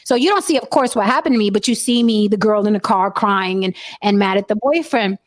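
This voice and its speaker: A woman telling a wild personal story in casual chat, profane and animated. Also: medium pitch, fairly quick.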